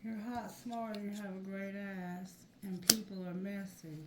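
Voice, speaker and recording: A tarot reader speaks to her viewers in a frank, chatty way, using earthy phrasing and occasionally calling on spirit. Her mid-range voice moves little in pitch and runs a little slow. The room is echoey, with noise in the background.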